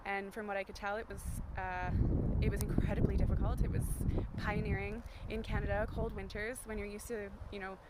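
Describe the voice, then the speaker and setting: A woman's voice: mid-range voice, little pitch movement, a little fast, very noisy. A young woman talking casually to camera in a vlog, chatty, with many fillers and self-corrections, recorded outdoors in the countryside. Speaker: vlogger.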